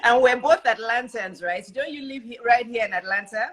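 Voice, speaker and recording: A woman's voice: a little high, normal speed, poor audio. A woman hosting a live talk show from home, repeating her greetings and welcomes, with a cough drop in her mouth. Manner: warm and repetitive, greets and welcomes over and over. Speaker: host.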